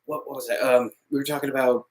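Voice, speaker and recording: A man's voice: mid-range voice, fairly even intonation, quick pace, low-quality recording. A man co-hosting a casual podcast, joking around and laughing often. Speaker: podcast co-host. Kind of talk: casual banter.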